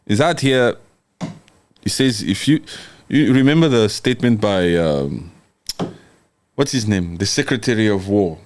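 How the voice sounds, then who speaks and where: A young man delivers heated political commentary, jumping between scolding, sarcasm and mock quotes. His pitch swings widely as he hammers each point. The delivery is emphatic and confrontational throughout. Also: expressive, moderate pace. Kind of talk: ranting commentary reading a document.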